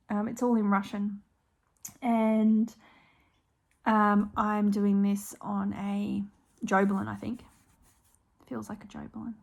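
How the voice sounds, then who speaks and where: A woman's medium-pitched voice, creaky and a little mellow, carries this casual show-and-tell from an Australian cross-stitch vlogger. She chats on her own stitching channel about her projects, frequently saying um and apologizing in small ways.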